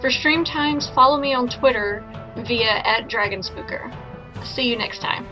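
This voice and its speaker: A woman's voice: fairly high pitch, over music. Upbeat woman on dull lo-fi audio. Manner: upbeat and fast. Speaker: player. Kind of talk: quick show outro.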